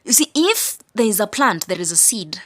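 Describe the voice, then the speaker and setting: A woman's voice: medium pitch, very animated, normal speed. Emphatic woman teaching scripture. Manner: emphatic and repetitive, stressing single words; casual asides amid preaching. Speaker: Bible study teacher.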